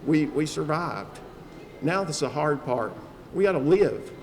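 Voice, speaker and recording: A man's voice: fairly high pitch, lively intonation, a little slow. A man giving a personal speech to an audience as a trauma survivor, telling his story with humor in a chatty way, with fillers. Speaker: trauma survivor speaking at an event. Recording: long hall reverb, faint background noise.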